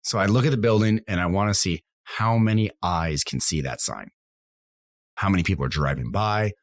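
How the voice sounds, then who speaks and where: A man's voice: low voice, moderate pace, no echo, studio quality. A man, co-hosting a casual business podcast and acting out his customer calls as he tells stories. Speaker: sign company salesman, co-host.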